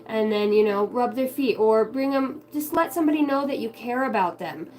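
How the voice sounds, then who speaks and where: A woman's voice: a little high, moderate pace, darkish tone, low-quality recording. Candid, swearing woman sharing spiritual thoughts. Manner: candid and heartfelt, swears freely; acts out quoted voices in her stories. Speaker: spiritual vlogger. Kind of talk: casual spiritual monologue.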